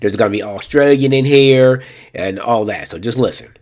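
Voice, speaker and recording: A man hosts a casual how-to session, his voice mid-pitched and ordinary. He talks in a laid-back, joking way, narrating each step as he navigates menus. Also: moderate pace, darkish tone. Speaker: tutorial host. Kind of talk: casual screen-reader tutorial walkthrough.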